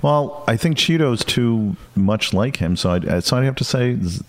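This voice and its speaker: A man's voice: mid-range voice, animated, moderate pace. A man co-hosting a podcast, chatting casually and jokily, rambling with plenty of fillers. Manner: rambling, jokey, lots of fillers. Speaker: podcast co-host. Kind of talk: casual comedic chat.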